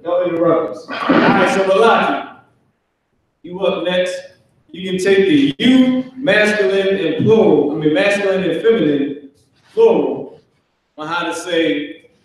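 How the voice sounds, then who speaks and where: A man's voice: sits high, unhurried, long pauses, distant mic. A man teaching a live online Hebrew class in a classroom, loose and joking, slangy, acting out voices for laughs. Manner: loose, jokey, slangy, acts out kids' voices. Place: classroom with a whiteboard. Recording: echoey room, speaker away from mic.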